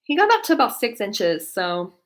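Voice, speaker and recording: This young woman's medium-pitched voice swings widely in pitch at a normal speed. She hosts a casual live stream, rambling through talk thick with "like" and "um" and responding to viewers' comments.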